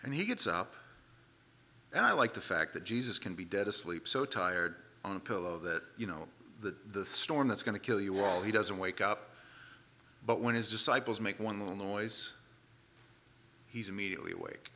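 A man's voice: lowish voice, animated, moderate pace, pushed and bright. A man preaching a sermon, retelling a Bible story with dramatic quoted voices.

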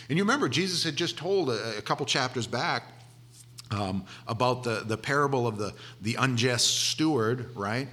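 Man preaching with a bright, forceful voice. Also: medium pitch, measured pace. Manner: conversational and animated, acting out voices of disciples. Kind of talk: sermon.

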